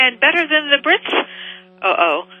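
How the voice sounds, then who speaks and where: A woman's voice: sits high, very animated, slow pace, sharp tone, dry recording, soft background music, rough recording. A woman hosting a radio interview, joking and teasing her guest and laughing often. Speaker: radio show host. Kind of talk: casual interview chat.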